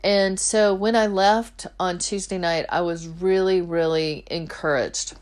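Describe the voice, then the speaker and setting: A woman's voice: on the low side, steady tone, unhurried. A middle-aged woman hosting a faith podcast, telling a personal story earnestly and with feeling. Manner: earnest and emotional, retelling with quoted dialogue. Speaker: podcast host.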